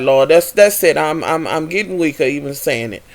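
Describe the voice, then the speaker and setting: A woman's voice: low voice, big pitch swings, normal speed, hardly any pauses. A young woman recapping a reality TV episode in a sassy, profane, gossipy way. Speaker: TV recap vlogger.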